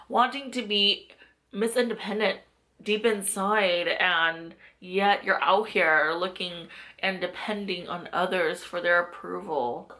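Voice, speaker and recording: A woman's voice: fairly low pitch, sharp tone. A young adult woman, a mindset coach, giving an earnest, chatty motivational talk to camera and reflecting on her own past. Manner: earnest, chatty, self-reflective, with bursts of animation.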